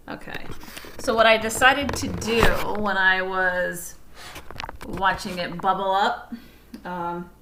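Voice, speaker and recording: A woman's voice: mid-range voice, fairly bright tone, a little hiss or hum. Woman cooking instructor, casual and chatty, talks to herself as she cooks; roomy kitchen, mic a little far off. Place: home kitchen. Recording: roomy kitchen sound from a distant camera mic.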